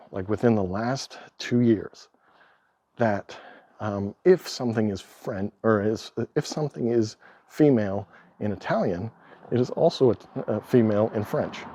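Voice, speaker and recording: Man, vlogger, casual rant, exasperated, animated, laughs a lot, mid pitch, dry sound. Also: breathy edge, dry recording. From Canada. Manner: animated and exasperated, acts out quoted exchanges, laughs often. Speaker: travel vlogger. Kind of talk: casual monologue to camera.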